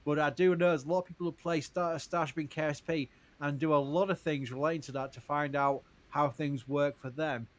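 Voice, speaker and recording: A man's voice: on the high side, fairly even intonation, fairly quick, hardly any pauses. A man hosting a live stream, reading out viewer questions and answering carefully, stressing what is uncertain. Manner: careful, stresses uncertainty, laughs between points.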